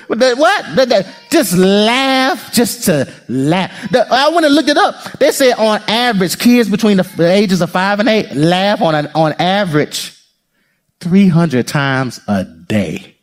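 A man preaching a sermon as pastor, playful and lively, laughing often and talking straight to the congregation. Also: high-pitched, unhurried.

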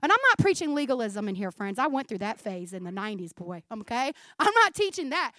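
Quick chatty woman preaching a sermon. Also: a little high, sing-song, pushed and bright, dry recording, studio quality. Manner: fast, chatty, laughing often, says 'like' a lot. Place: church.

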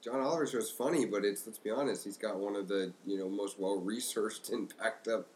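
A man co-hosting a podcast in casual discussion, halting, with many fillers and restarts. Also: fairly low pitch, slight background noise, rough recording. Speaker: podcast co-host.

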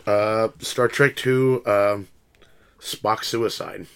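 A man co-hosting a casual movie chat, speaking slowly with exasperated profanity. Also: fairly low pitch, fairly even intonation, clear, resonant tone.

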